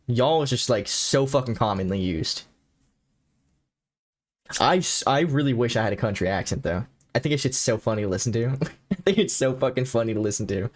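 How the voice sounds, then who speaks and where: A young American man streaming a horror game, chatting loosely with viewers and reading game text aloud. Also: medium pitch. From United States. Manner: swearing, joking with chat, drawling.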